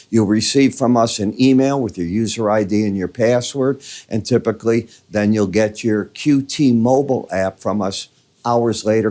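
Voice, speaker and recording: A man's voice: fairly low pitch, dark tone. An older man with a Midwestern American accent giving chatty, conversational market commentary, walking through charts with folksy asides.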